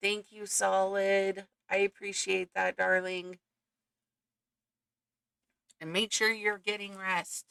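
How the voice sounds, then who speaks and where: A young woman streams a game, reading its text aloud and chatting warmly with her viewers. Her voice has a gravelly, creaky texture at mid pitch. It is recorded on a close mic in a dry room with no echo. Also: little pitch movement, slow pace, long pauses. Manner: chatty, greets chat, effusive.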